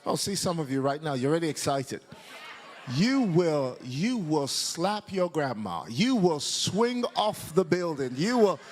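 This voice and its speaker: A man with a fairly high-pitched voice preaches a lively sermon to a church congregation, shouting and leading call-and-response.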